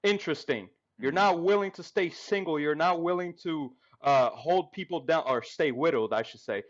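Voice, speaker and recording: A man's voice: fairly high pitch, normal speed. A man arguing in a heated panel discussion, mocking and profane. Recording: dull lo-fi audio.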